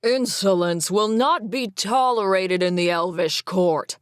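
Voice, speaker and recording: A woman's voice: fairly low pitch, expressive, takes it slowly, dry recording, studio quality, heavily acted. A woman voicing a whiny, arrogant male elf emperor who sneers and talks down to others, in an audiobook fantasy reading. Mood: haughty. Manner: sneering, petulant.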